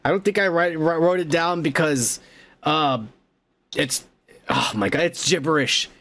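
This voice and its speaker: A man's voice: fairly high pitch, unhurried, fairly bright tone. A man hosting a podcast who recaps a film in a rambling, profane, casual way. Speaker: podcast host.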